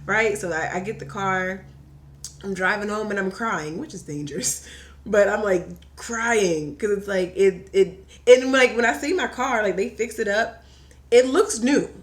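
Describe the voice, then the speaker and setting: A woman from Virginia chatting on a podcast as a guest, telling a story in a lively way and acting out the voices she quotes. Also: mid-range voice, measured pace. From Hampton Roads, Virginia. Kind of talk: casual chat.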